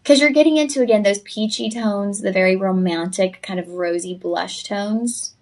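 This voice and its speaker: A woman presents jewelry live on a shopping channel. She is chatty and effusive, speaks right to the viewers, and sounds a little tired. Her voice sits at an ordinary middle pitch. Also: moderate pace, a little mellow.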